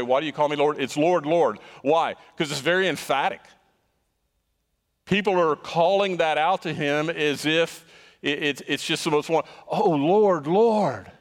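A man's voice: on the high side, a bit bright, long reverb tail. A man preaching a sermon as pastor, emphatic and stressing points by repeating words.

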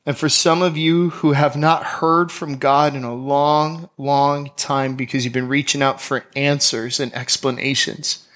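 A man's voice: medium pitch, little pitch movement, a little slow, few pauses, a bit bright. A man preaching a sermon, telling a Bible story with drama and acting out the scenes. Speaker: pastor.

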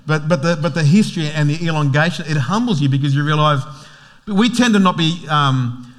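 An Australian man preaching to his church in an easygoing, chatty way. He jokes and rambles, stumbling over fillers and restarts. His voice sits a little higher than most men's. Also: brisk. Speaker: pastor. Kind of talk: casual sermon.

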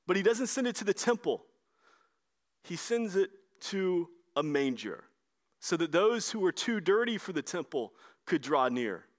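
A man preaching a sermon in a conversational way, moving between brisk stretches and slow, emphatic lines. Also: high-pitched, fairly bright tone. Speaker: pastor.

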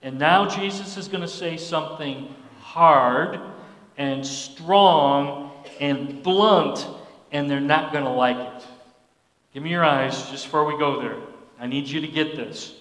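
A man's voice: a little high, slow pace, a bit bright. A man preaching a sermon as pastor, folksy and emphatic, repeating his points. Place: church sanctuary. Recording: echoey hall reverb.

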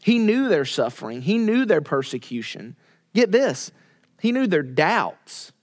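High-voiced man preaching with dramatic hushes. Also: sing-song. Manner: dramatic pauses, drops to a hush for quoted words; rises and pushes when pressing a point. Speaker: pastor. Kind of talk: sermon.

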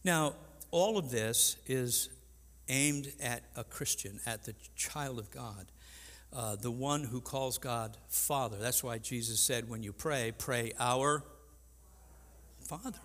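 An older man preaching a sermon as pastor, earnest and halting, with frequent restarts. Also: medium pitch, a bit bright. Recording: long reverb in a large hall.

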